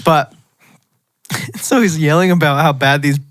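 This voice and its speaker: A slightly high-pitched man chatting casually on a movie review podcast, retelling scenes with lots of laughter. The sound is dry and close, with almost no room around his voice. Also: a little slow, fairly bright tone, no room sound.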